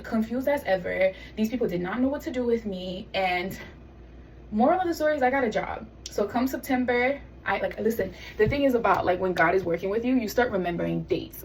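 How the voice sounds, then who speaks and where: A young woman telling her faith testimony in a casual vlog, animated and full of quoted voices. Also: medium pitch, recorded from a distance, a little hiss or hum, low-quality recording. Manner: animated storytelling, quoting God and others in lively voices. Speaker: vlogger sharing testimony.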